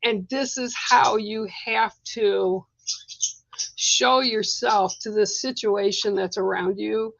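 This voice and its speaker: A woman's voice: mid-range voice, fairly even intonation, slow, gravelly, a bit bright, no echo, highs cut off. Chatty woman giving card readings. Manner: chatty, rambling, many fillers and restarts. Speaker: spiritual card reader. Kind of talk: casual live-stream reading.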